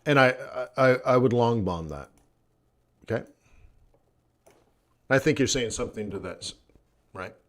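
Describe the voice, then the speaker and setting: A man's voice: mid-range voice, animated, unhurried, pauses often. A tired man teaching forex trading live, blunt and sardonic as he thinks aloud over his charts. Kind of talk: live-streamed trading lesson.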